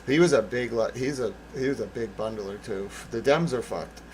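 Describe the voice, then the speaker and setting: A man's voice: medium pitch, normal speed, slight background noise, rough recording. A man hosting his own channel, delivering a blunt, profane, sarcastic political monologue. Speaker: channel host.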